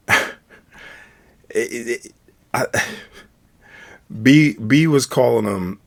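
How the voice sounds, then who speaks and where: A young man with a fairly low voice tells a story about a night out, relaxed and casual in tone. He's animated, repeatedly acting out other people's lines with quick changes in his voice.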